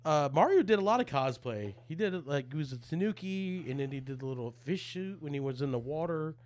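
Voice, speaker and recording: A man's voice: on the high side, lively intonation, fairly quick, a little mellow. This is a male stand-up comedian from Florida, guesting on a casual podcast. He talks in a slightly raised, very bouncy voice that rises and falls a lot. He drifts into jokes and laughs at his own riffs. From Jacksonville, Florida. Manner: playful, laughing, trailing off into riffs.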